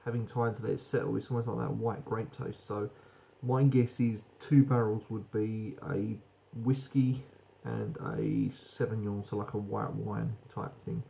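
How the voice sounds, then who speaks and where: British guy with a gravelly voice doing a beer review vlog, a bit dull lo-fi sound. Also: on the low side, level tone, measured pace, few pauses, warm tone, slight background noise. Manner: frank, rambling, swears casually.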